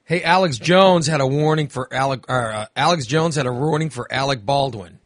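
A man's voice: medium pitch, no room sound, studio quality. A man hosting a radio show, chatting casually and animatedly, often restarting his sentences. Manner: animated, restarts often, does quick impressions. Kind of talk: casual chat.

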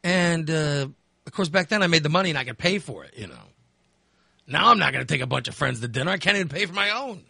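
A man's voice: on the high side, expressive, fast, creaky, bright, forceful tone, breathy edge, no echo. A man in his fifties, hosting and telling a candid, rambling story in casual chat. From Texas. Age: 50s. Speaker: host.

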